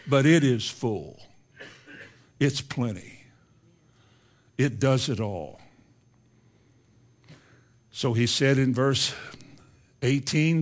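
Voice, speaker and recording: A man preaching from the pulpit, his voice sitting slightly higher than most men's. He swings between loud, emphatic lines and hushed, low asides, lingering on certain words as he builds his point. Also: slow, long pauses. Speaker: pastor. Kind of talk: sermon.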